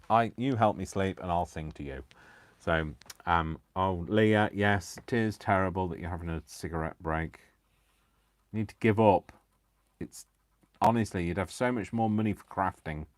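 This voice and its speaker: A man's voice: on the low side, normal speed, dry recording. A man hosting a crafting livestream, chatting in a rambling, giggly, self-deprecating way. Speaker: craft channel host. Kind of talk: casual livestream chat while crafting.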